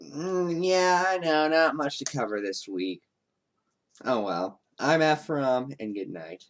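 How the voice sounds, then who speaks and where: Male commentary host, sarcastic, animated intonation. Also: slow pace. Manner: sarcastic, mocking, with lively swings in pitch. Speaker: commentary YouTuber.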